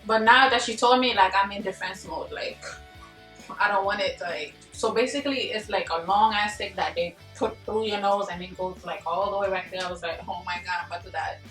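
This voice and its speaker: A woman's voice: mid-range voice, moderate pace. Young woman telling a story in a roomy echo. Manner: animated, slangy, laughing, acts out quotes. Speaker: vlogger. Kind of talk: casual storytelling to camera. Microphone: camera mic from a distance. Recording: echoey room, distant mic, faint music.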